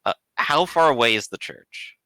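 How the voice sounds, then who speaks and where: A man jokes and plans at the gaming table in a bright, cutting voice. His pitch moves a lot, and the sound is dry and close. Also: normal speed, clean tone, no room sound. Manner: lively, joking. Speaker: player. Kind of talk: casual tabletop play.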